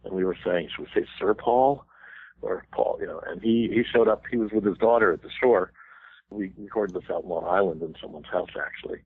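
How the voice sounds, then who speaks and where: An older man in his sixties with a very low, husky voice tells stories in a relaxed interview, breaking into laughs and quick bits of song. The sound is thin and phone-like, with a dry, close feel. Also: no room sound. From United States. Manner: animated anecdotes with laughs and sung quotes. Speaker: banjo player, guest. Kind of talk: casual interview storytelling. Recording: thin phone-like radio line.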